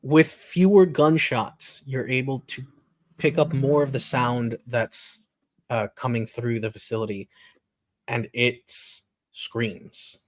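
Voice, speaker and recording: A man running a tabletop role-playing game as its game master. He tells the scene in a steady, measured way with dramatic pauses, his voice sitting at an ordinary middle pitch.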